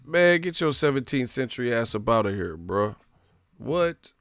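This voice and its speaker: A man's voice: medium pitch, sing-song, moderate pace, fairly bright tone, no room sound, clean studio sound. A man, a boxing vlogger, giving casual, joking commentary full of slang and profanity.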